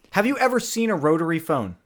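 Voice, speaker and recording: Low-voiced joking woman host. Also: very animated, normal speed. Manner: joking, teasing, sarcastic. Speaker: podcast host. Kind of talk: casual podcast chat.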